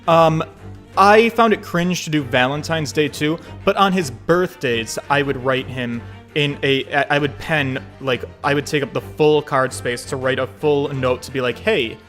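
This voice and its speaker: A man's voice: a little high, unhurried, a bit bright, faint music behind. A man giving casual, joking let's-play commentary, swearing freely as he talks through a game. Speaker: streamer.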